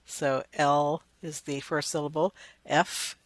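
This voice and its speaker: A woman's voice: sits low, fairly even intonation, no echo. Woman lecturing, dry close sound. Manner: explanatory, demonstrates sounds by saying words slowly. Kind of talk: recorded lecture.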